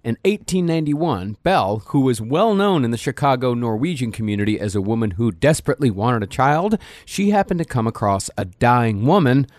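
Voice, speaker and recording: Male podcast host, scripted true-crime narrator, wry, animated intonation. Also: mid-range voice, a little fast, hardly any pauses, dry recording, studio quality.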